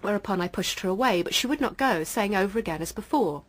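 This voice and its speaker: A woman's voice: medium pitch, animated, fast, lightly acted, poor audio. A woman reading aloud, in the first person, a mother's sworn court testimony from an old record.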